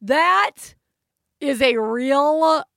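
A woman co-hosting a podcast, chatting casually in an animated, joking way with some swearing. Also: sits high, drawn-out words, gravelly, dry recording. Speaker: podcast co-host. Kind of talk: casual chat.

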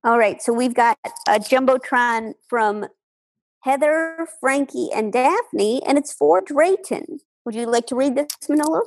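A woman's voice: high voice, animated, a little slow. A woman co-hosting a comedy podcast over a video call, keeping the chat moving and reading an ad. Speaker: podcast co-host. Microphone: remote call microphone.

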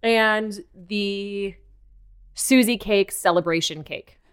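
A woman's voice: mid-range voice, takes it slowly, clear, resonant tone. A woman actor from Maine, chatting animatedly as a guest on a casual podcast interview. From Maine, USA.

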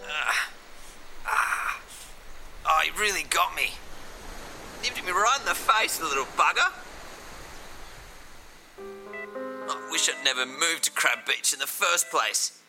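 A dying beach vicar in a cheesy soap clip, wailing with a high voice that swoops up and down and drags each word out slowly. Clear music plays under him. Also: male voice, expressive, exaggerated voice, low-quality recording. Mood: melodramatic. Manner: overwrought, wailing to the heavens.

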